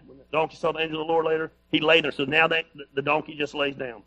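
A man's voice: high voice, pushed and bright. A male pastor preaching a sermon, reading scripture aloud with playful, joking asides.

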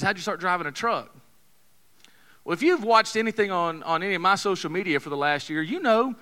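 Folksy preacher, high bright voice. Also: male voice. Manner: folksy, joking, conversational. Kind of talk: storytelling sermon. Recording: long hall reverb.

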